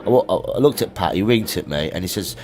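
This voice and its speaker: A middle-aged man with a Birmingham accent, a musician guest chatting in a music studio. His voice sits very low. He tells long, rambling anecdotes in an easygoing way. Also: lively intonation, brisk, darkish tone. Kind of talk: casual chat interview.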